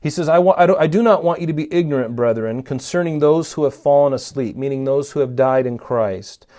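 A man's voice: a little high, a little fast, mellow. A man preaching a sermon, teaching from scripture in an earnest, emphatic way and addressing listeners who are not in the room. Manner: earnest, emphatic Bible teaching with rising stress on key lines.

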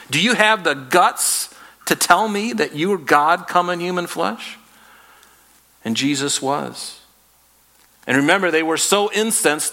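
Bright-voiced man preaching an animated sermon. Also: fairly high pitch. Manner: animated storytelling, acting out biblical characters in casual speech. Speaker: pastor.

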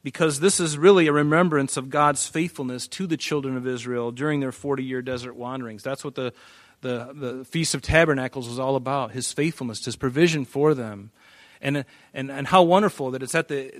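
A pastor with a mid-range voice speaks at a normal speed, recorded with studio quality and no echo. He teaches the Bible verse by verse, emphatically repeating words and varying his loudness to drive each point home.

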